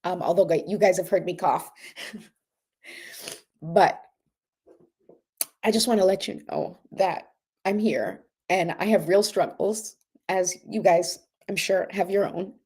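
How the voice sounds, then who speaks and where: A woman's voice: lowish voice, a little slow, pauses often, a little mellow, husky. A woman hosting a live oracle card show, talking earnestly and tearfully in a casual, rambling way, then leading a breathing exercise. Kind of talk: casual livestream talk and guided breathing.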